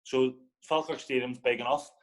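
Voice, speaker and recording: A man's voice: mid-range voice, moderate pace, poor audio. Northern Irish man telling football stories. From Northern Ireland. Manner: animated anecdotes, acting out quoted people. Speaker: podcast guest, former footballer. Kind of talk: casual storytelling.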